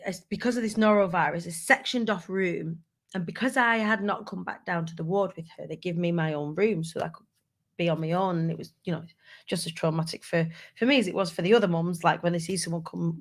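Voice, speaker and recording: A woman's voice: on the low side, fairly bright tone. Woman, 30s, casual vlogger, candid and self-deprecating storyteller. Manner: candid, self-mocking, restarts often. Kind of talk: casual personal storytelling to camera.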